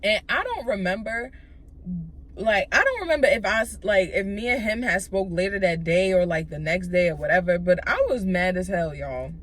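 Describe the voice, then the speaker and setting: A young adult woman vlogger telling a casual, profane story, animated and full of fillers. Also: mid-range voice, normal speed.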